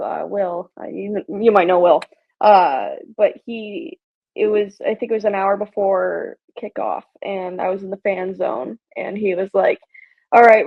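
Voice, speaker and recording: A young woman from Chicago talks as a podcast guest, eager and quick to jump back in with fillers and restarts. Her voice sits at a middle pitch. The audio is a little dull and muffled. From Chicago, USA. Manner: excitable, lots of fillers and restarts. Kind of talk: casual interview chat.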